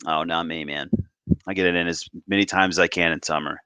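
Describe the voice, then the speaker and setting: A man's voice: low voice, fairly even intonation, brisk, pushed and bright, clear, resonant tone, dry recording. A man co-hosting a casual podcast, rambling loosely and laughing easily between thoughts. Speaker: podcast co-host.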